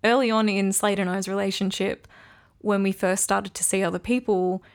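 A woman's voice: medium pitch, fairly even intonation, moderate pace. A woman hosting a solo podcast, talking candidly and reflectively about her relationship, with frequent ums. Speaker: podcast host. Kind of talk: casual solo podcast talk.

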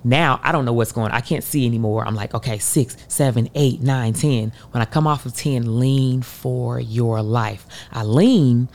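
A woman in her thirties from the United States, an Olympic hurdler telling a race story as an interview guest, acting out quotes with sudden leaps in pitch. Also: normal speed, few pauses. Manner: animated, acts out her own voice and others in quotes. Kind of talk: emotional storytelling.

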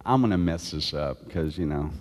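A man telling animated stories as a guest, often laughing as he talks. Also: extremely low pitch, normal speed, big-room sound. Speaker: guest actor. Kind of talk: casual storytelling.

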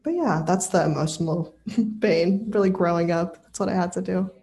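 Woman, podcast guest, casual chat, low pitch, mellow tone, dramatic storyteller. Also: normal speed. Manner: expressive, dramatic storytelling with laughs.

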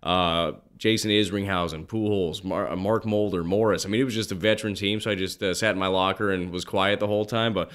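A man in his forties telling stories as an interview guest, animated and full of restarts, often acting out what others said. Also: sits low, a little fast, few pauses, clear, resonant tone. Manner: animated, acts out quoted voices, many restarts. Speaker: guest, former pro baseball pitcher. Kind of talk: casual interview storytelling.

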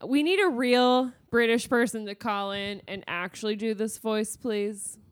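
Woman from kansas as podcast co-host, a bit high-pitched, slow, loose and swearing, laughs a lot. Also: clean tone. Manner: profane, giggly and gushing. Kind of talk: casual book discussion.

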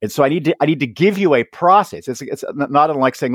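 Animated man explaining with lively pitch. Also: fast talker, dry recording, studio quality. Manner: animated, acts out quoted voices, frequent "right?" tags. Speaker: author and education guest. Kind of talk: conversational podcast interview.

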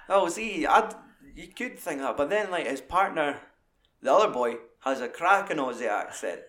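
A man's voice: a little high, moderate pace. Sweary man chatting about films. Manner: sweary, animated, enthusiastic. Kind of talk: casual film chat.

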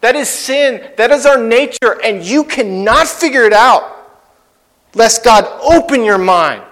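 Guy preaching in church, kinda high voice, loose and chatty, big reverby hall. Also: unhurried. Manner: conversational, animated, full of fillers and asides. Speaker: guest preacher. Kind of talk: sermon.

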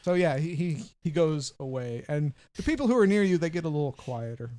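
A man narrating as game master in a tabletop game, relaxed and jokey, laughing often. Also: fairly high pitch, fairly quick, slight background noise.

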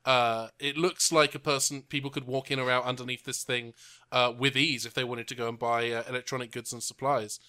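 Guy running a tabletop game, chill, lots of uhs, smooth bright voice. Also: medium pitch, brisk. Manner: relaxed, filler-heavy describing. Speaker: game master.

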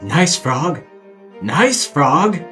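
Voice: mid-range voice, big pitch swings, drawn-out words, fairly bright tone, faint music behind, heavily acted. A game master voicing a curt, jumpy cat-folk assassin in a tabletop game. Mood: nervous.

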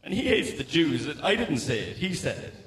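Irish stand-up comic, thirties, high voice, profane and rambling; roomy sound, mic kept at a distance. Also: male voice, sing-song, moderate pace, fairly bright tone. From Ireland. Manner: profane, rambling, frequent stammered restarts. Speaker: stand-up comedian. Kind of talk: stand-up comedy set. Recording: echoey room, mic at a distance.

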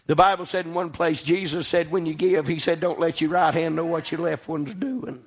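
A man preaching a sermon, impassioned and swinging between loud exclamations and quiet asides. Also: fairly high pitch, fairly even intonation, normal speed.

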